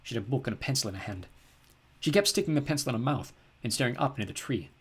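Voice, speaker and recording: A man narrating an audiobook in first person, calm and plain. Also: mid-range voice, fast talker, breathy edge. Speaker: audiobook reader.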